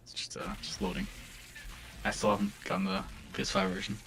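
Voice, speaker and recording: A man's voice: low-pitched, a little fast, a bit bright, a little hiss or hum. A man joining a gaming livestream over voice chat, laid-back and chuckling, his audio coming through robotic and glitchy. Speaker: co-player on stream.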